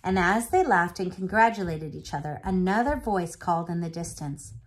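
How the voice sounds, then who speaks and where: A woman teacher reading a novel aloud to her students, expressive and animated. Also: on the low side, moderate pace.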